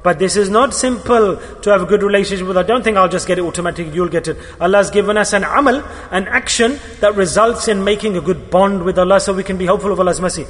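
A male preacher with a high voice delivers an emphatic sermon at a quick pace with few pauses. He repeats key words and puts questions to his listeners, all in an echoey hall with long reverb.

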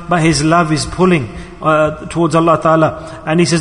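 A man's voice: a little high, normal speed, a bit bright. A man preaching a sermon to a congregation, often asking them questions and calling for their responses. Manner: asks the audience questions and calls for responses. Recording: long hall reverb.

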